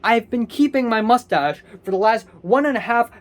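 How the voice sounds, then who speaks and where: A young Hong Kong man vlogs an angry, sleepy rant, swearing constantly and restarting sentences as he rambles in exasperation. His voice is very high, with lively intonation and a moderate pace.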